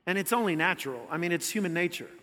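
High bright-voiced preacher in a reverberant hall. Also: male voice, quick pace. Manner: storytelling, animated, acts out quotes and shouts. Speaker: pastor. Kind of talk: sermon.

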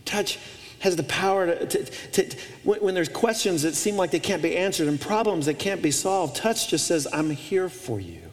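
A man preaching from the pulpit with a fairly high voice, leaning hard into emphatic repetitions and restarting his phrases as he builds his point. His voice rings out through the long reverb of a large church hall. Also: moderate pace. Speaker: pastor. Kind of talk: sermon. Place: church auditorium.

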